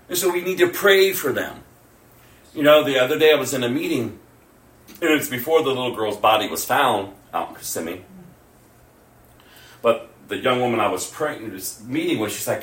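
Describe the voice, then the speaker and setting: Male pastor mid-sermon, swings loud to hushed, distant mic in a roomy hall. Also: mid-range voice, lively intonation, normal speed, pauses often. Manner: swings from loud exclamations to hushed near-whispers, laughs often. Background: congregation responses.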